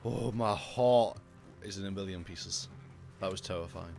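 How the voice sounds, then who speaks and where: Brief: young male streamer, fairly low voice, excitable and jokey, game music under him. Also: measured pace, creaky. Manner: excitable, jokey, easily startled. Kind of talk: gaming livestream commentary.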